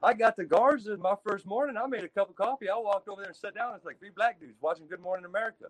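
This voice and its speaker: A man from Texas telling prison stories in a casual, profane, animated way, acting out the people in them. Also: high voice, fast, no echo. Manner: profane, animated storyteller acting out other inmates. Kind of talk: casual storytelling.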